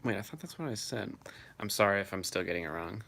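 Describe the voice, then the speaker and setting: A man's voice: lowish voice, animated, fast, vocal fry, pushed and bright. A man hosting a casual live stream, reading viewers' messages aloud and answering them offhandedly.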